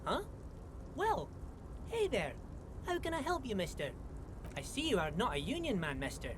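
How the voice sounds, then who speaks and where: A friendly, folksy video game dockworker with a thick Scottish accent. He talks in a lively sing-song that rises and falls a lot. Clear background noise sits under his voice. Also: high-pitched, moderate pace. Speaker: game character.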